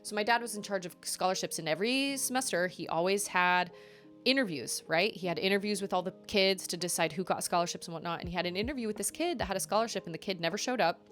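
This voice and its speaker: A young adult woman, a live streamer, telling stories in a chatty, animated way with quick asides. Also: medium pitch, faint music behind. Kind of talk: casual storytelling on a live game stream.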